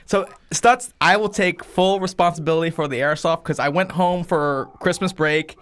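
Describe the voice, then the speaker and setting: A man in his thirties hosting a podcast, telling profane, animated stories full of acted-out quotes. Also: fairly high pitch, moderate pace, clear, resonant tone. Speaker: podcast host. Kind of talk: casual storytelling chat.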